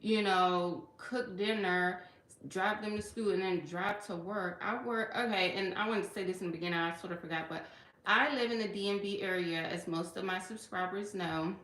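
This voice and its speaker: A woman from Washington DC speaks in a personal livestream about her work as a federal employee. Her voice sits at a middle pitch and she talks earnestly, with a little tearfulness, dropping in "okay" and "you know" often. The room gives her voice a noticeable echo. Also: moderate pace, fairly bright tone. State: tearful at times. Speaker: federal worker and livestream vlogger. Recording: echoey room.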